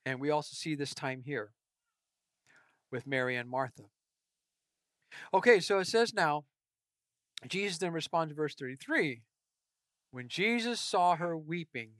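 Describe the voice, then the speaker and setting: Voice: medium pitch, a bit bright, dry recording. A pastor delivering an earnest, emphatic sermon.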